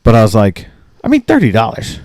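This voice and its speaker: Man in his late thirties, low voice, swearing rant, dry close sound. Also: huge pitch swings, fairly quick, darkish tone, dry recording. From Maine. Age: late 30s. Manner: ranting, swears constantly, acts out both sides of a story. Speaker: podcast co-host. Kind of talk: casual profane storytelling.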